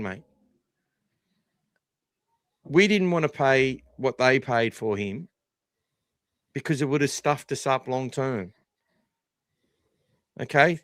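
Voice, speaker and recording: A man's voice: medium pitch, takes it slowly, pauses often, no echo. An Australian man hosting a live podcast, talking in a blunt, sweary, casual way. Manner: blunt, sweary, animated opinions. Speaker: podcast host.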